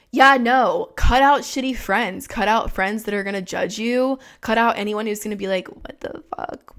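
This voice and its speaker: A woman's voice: mid-range voice, vocal fry. Profane, rambling young woman podcaster. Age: 20s. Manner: frank, profane, rambling with many fillers. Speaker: podcast host. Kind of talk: casual chat.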